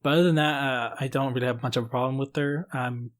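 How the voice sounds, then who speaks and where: A man's voice: mid-range voice, fairly even intonation, quick pace. A man in casual chat as a podcast co-host, rambling with lots of fillers and some swearing. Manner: rambling, many fillers, swears when telling a story.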